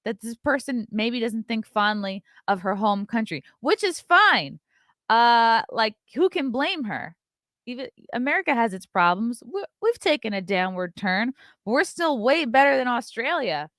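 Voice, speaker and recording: On her live stream, a thirtysomething woman reads viewer messages aloud and tells brash, sarcastic stories in a casual chat. Her fairly high voice is animated and moves at normal speed, captured dry in studio quality.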